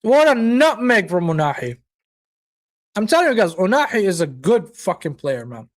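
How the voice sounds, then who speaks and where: A man's voice: high-pitched, big pitch swings, normal speed. A man hosting a live football watchalong, chatting casually, reacting to the match and viewers' comments, with occasional swearing. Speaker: watchalong host.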